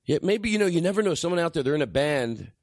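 A man hosting a comedic podcast, rambling excitably and breaking into shouts and laughs on a lav mic. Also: a little high, fast talker, no echo, studio quality. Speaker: podcast host. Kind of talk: loose comedic chat.

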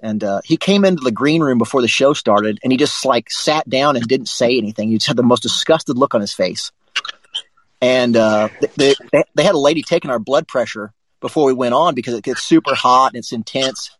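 A man co-hosting a live sports talk show, telling a rambling, profane story in a casual, animated way. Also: mid-range voice, a little fast, no room sound, poor audio.

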